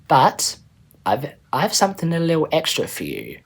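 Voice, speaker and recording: A man's voice: fairly high pitch, wildly swooping pitch, moderate pace, vocal fry, slightly rough. A man reading his own story aloud in a casual, chatty way as the channel's storyteller. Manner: casual, chatty, a little rambling.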